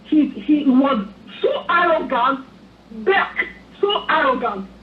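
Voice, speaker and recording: A Nigerian woman phones in to a talk show, her voice very high and full of swoops. She speaks with anger and keeps pleading. The call comes through a thin, phone-like line with a roomy echo. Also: very animated, slow. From Edo State, Nigeria. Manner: angry, pleading, repetitive. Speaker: phone-in caller. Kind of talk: impassioned political commentary. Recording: echoey tinny phone line.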